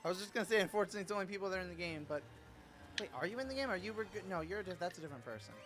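A man streaming a racing game in casual chat, excitable and teasing, with loud sudden exclamations. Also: high-pitched, racing, faint music behind. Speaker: gaming streamer.

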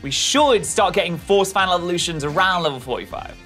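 A young man, chatting casually and excitably while playing a video game. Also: high-pitched, brisk, faint music behind. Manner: animated, excitable, swears casually. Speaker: co-host of a gaming video. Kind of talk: casual chat over gameplay.

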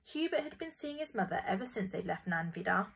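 A woman narrating a children's storybook in a gentle, expressive reading voice. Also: mid-range voice, brisk, vocal fry, breathy edge, low-quality recording.

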